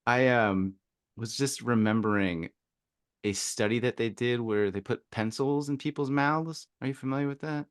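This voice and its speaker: A man hosting a podcast in a casual, thoughtful way, pausing and searching for his words. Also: medium pitch, smooth, dry recording, clean studio sound. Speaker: podcast host.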